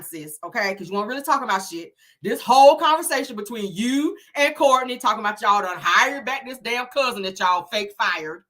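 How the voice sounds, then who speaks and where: A woman's voice: fairly high pitch, a little fast, few pauses. A woman giving a casual, profane and sassy recap of a reality show, acting out the cast's lines as she goes. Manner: animated, sassy, profane, laughs often; acts out the cast's lines in quotes.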